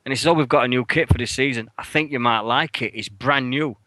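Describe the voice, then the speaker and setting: A radio show co-host in the studio tells a story during casual chat, swearing freely in a bright, forceful voice that leaps sharply in pitch as he acts out his own outrage. He talks fast, and the sound is close and dry with no room in it, though the audio quality is poor.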